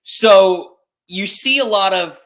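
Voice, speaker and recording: A man's voice: sits high, takes it slowly, a bit bright. A man co-hosting a casual wrestling podcast, giving opinions in a rambling way with many restarts. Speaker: podcast co-host.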